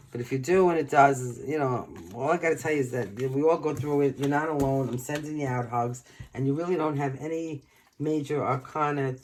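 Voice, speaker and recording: A man's voice: mid-range voice, darkish tone, a little hiss or hum. A man giving a casual tarot reading, chatty and reassuring, with many fillers. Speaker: tarot reader.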